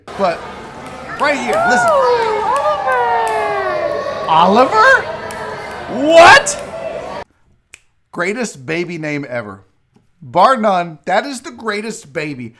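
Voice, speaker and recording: A man's voice: high voice, bright, forceful tone. A man hosting a casual live-stream show, ranting with profanity while a bit tipsy from drinking. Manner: profane, rambling rants. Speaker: show host.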